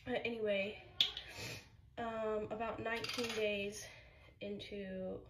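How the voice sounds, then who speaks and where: A widowed mother telling a casual storytime in a subdued, halting way, with frequent pauses and ums. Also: medium pitch, little pitch movement, reverberant, background noise.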